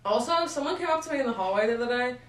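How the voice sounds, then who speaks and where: A woman's voice: a little high, expressive, rapid-fire, recorded from a distance, slight background noise. A teenage girl chatting casually with her siblings, rambling with many likes and restarts and giggling often. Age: teens. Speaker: podcast co-host. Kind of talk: casual chat between siblings. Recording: echoey room, a bit off-mic.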